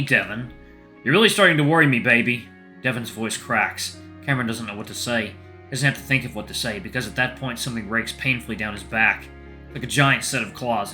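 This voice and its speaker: Bright-voiced man narrating a game. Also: medium pitch. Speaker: let's play host. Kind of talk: reading a visual novel aloud.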